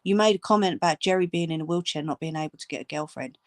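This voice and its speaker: A woman's voice: low voice, fast, no echo, clean studio sound. A woman ranting angrily at viewers, swearing and scolding. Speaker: channel host. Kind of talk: angry direct-to-camera rant.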